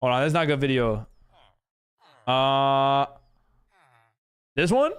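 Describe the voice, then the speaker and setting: Speaking slowly at a medium pitch, a young man chats casually during a live gaming stream. He reads his viewers' comments out loud and reacts as he goes.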